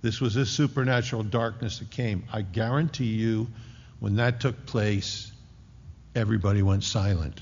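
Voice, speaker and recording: A man preaching a sermon with a dramatic delivery, rising to loud declarations and dropping to hushed tones. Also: lowish voice, steady tone, normal speed, slightly rough. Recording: dull lo-fi recording in a reverberant hall.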